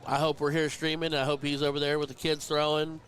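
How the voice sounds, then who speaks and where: Stream host, male, slightly higher voice, warm-hearted live darts commentary. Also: level tone, fairly quick. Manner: chatty, heartfelt, emotional. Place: darts tournament venue.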